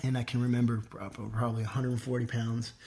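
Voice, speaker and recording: Animated man telling his story. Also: fast, a little hiss or hum. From southern California. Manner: animated, acts out remembered thoughts with sudden jumps in pitch and loudness. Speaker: guest. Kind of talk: casual interview storytelling.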